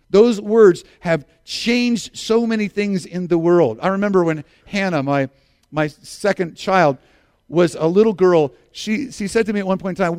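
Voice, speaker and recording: Middle-aged male pastor with a high voice, dry and close; earnest preacher who repeats his key lines. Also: normal speed, darkish tone, clean tone, dry recording. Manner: earnest, repeats key phrases, asks congregation to respond. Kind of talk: sermon.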